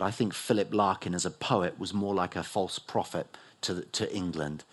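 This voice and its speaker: A middle-aged New man preaching a sermon as pastor, rising loud and high for emphasis and dropping low and soft. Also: lively intonation, a little slow, husky. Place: church hall.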